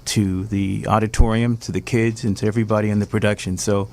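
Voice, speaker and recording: A man whose voice is hoarse from losing it, talking excitedly as a guest on a talk show and rambling through many fillers. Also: fairly low pitch, a little fast. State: hoarse, lost his voice. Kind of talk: casual chat.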